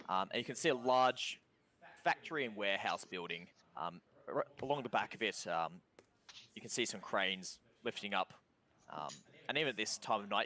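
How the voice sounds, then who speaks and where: An Australian man narrating a tabletop game as game master, describing scenes in a relaxed way with many ums. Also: fairly low pitch.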